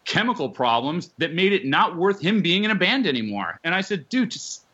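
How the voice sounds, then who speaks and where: A man's voice: on the high side, very animated, brisk, bright, forceful tone, husky, dull audio. A man guesting on a podcast, a former magazine editor and band manager, telling stories bluntly and emphatically with many restarts. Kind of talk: casual storytelling chat.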